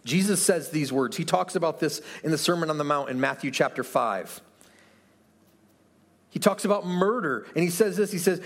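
A man's voice: fairly high pitch, animated, moderate pace, a bit bright. A pastor giving an earnest, conversational sermon to his church, asking the room rhetorical questions. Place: church sanctuary.

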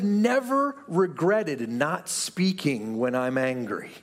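A man's voice: sits high, animated, a little slow, hardly any pauses. A pastor giving an earnest, conversational sermon to his church, asking the room rhetorical questions. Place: church sanctuary.

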